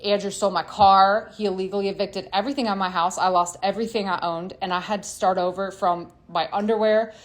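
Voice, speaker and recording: A woman musician telling her own story in a confessional monologue, swearing freely and swinging between loud angry bursts and quieter stretches. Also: medium pitch, fairly even intonation, fast talker, few pauses.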